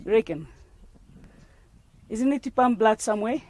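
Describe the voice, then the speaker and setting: A woman's voice: on the high side, lively intonation, normal speed, a little mellow. A woman teaching a first-aid class, quizzing her student and joking with frequent laughter. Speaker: CPR instructor.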